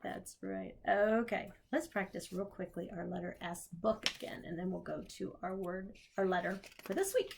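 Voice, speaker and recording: A woman teaching young children letter sounds, reading picture books aloud and sounding out each letter slowly. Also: medium pitch, creaky, noisy background. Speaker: preschool teacher. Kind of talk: children's phonics lesson.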